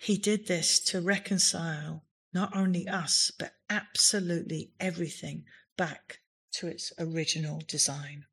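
A woman's voice: on the low side, steady tone, moderate pace, fairly bright tone, husky. Emphatic woman preaching a sermon. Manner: emphatic, rising to exclamations on key words. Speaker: pastor. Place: church.

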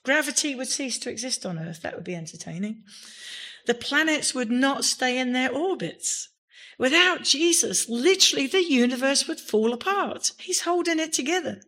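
A woman's voice: sits high, lively intonation, normal speed, fairly bright tone. A woman pastor giving a sermon in a church, speaking with emphasis and rising to exclamations on key words.

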